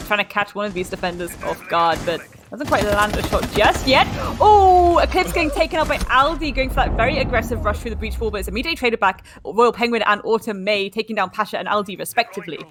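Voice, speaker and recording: A woman's voice: mid-range voice, fast, few pauses, background noise. A woman casting a tactical shooter match, giving play-by-play with giggly, playful banter. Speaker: esports caster. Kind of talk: play-by-play game commentary. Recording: loud game gunfire behind the voice. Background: game gunfire and clicks.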